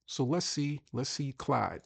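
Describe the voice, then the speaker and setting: A man's voice: mid-range voice, animated, unhurried, creaky, slightly rough, dry recording. A man hosting a casual screen-share tutorial, chatty and thinking aloud as he repeats himself. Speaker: host.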